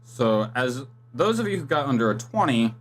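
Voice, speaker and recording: Male game master, calm and measured, explaining rules and narrating. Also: mid-range voice. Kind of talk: running a tabletop game.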